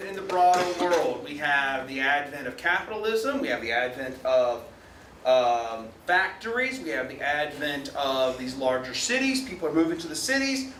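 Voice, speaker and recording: A man's voice: on the high side, a bit bright, a little hiss or hum. A man giving a classroom lecture, chatty, often checking in with "right?". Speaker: university lecturer. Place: lecture hall. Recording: echoey lecture hall from far off.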